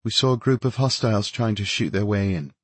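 A man's voice: fairly low pitch, fairly quick, no room sound, lightly acted. A man voicing a wounded, tense woman soldier leader who speaks in terse, strained phrases in an audiobook.

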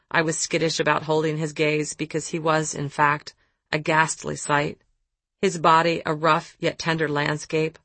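A woman with a fairly low voice reads an advice column aloud, letter first and then her answer. Her delivery is measured and reflective, and the sound is close and dry. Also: a bit bright, no room sound.

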